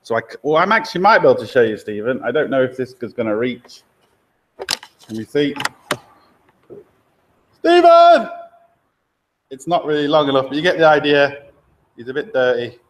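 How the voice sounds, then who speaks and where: In a garage workshop, a man runs a casual live stream, chatting freely and reading viewer comments aloud with fillers and quick asides. His mid-range voice is a bit bright, picked up by a laptop or camera mic held by a helper, with slight background noise.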